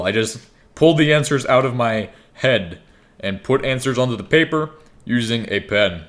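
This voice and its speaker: A man's voice: mid-range voice, expressive, normal speed. A young man giving rambling, joking gameplay commentary, swearing freely. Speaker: gaming YouTuber.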